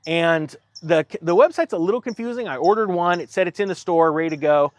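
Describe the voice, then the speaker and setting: A man's voice: fairly high pitch, fairly quick. A man telling a rambling, exasperated story in a casual monologue, acting out the dialogue as he goes.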